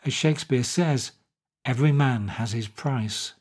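A man's voice: mid-range voice, unhurried, slightly rough. A man reading aloud and voicing a sly, down-at-heel male screenwriter.

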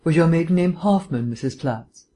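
An audiobook reader voicing an urbane, erudite gentleman detective who lectures in a polished, lightly teasing way. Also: mid-range voice, lively intonation, normal speed, close to an everyday voice. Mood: probing. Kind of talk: audiobook reading.

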